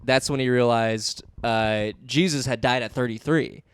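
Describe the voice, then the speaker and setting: A man in his early thirties trades loose, self-mocking jokes on a comedy podcast, laughing as he goes. His voice is smooth and clean, heard close and dry with no room around it, at a middling pitch. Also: steady tone, unhurried, no echo. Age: 30s. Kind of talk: casual podcast chat.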